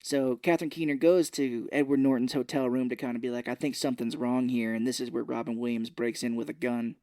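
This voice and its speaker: A man's voice: mid-range voice, little pitch movement, a little fast, warm tone, dry recording, clean studio sound. A man co-hosting a podcast, casually retelling a film's plot in a rambling way and quoting its lines. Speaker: podcast co-host. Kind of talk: casual film recap chat.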